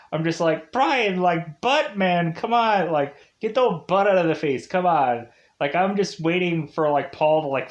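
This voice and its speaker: Man, young adult, casual movie recap, rambling, filler-heavy. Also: fairly high pitch.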